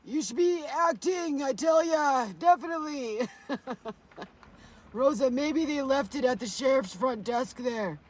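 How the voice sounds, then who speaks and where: A woman's voice: sits high, takes it slowly. A woman livestreaming from her phone, rambling and swearing to her chat with frequent laughter. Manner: rambling, profane, laughs often.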